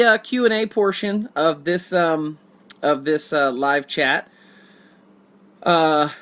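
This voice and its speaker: A man's voice: a little high, a bit bright. A man hosting a casual live video, reading viewer comments and joking in a rambling, dry way. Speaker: livestream host.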